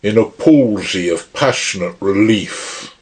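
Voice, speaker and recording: Slow, measured male audiobook narrator. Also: on the low side, expressive, slightly rough. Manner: measured, unhurried reading. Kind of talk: scripted narration.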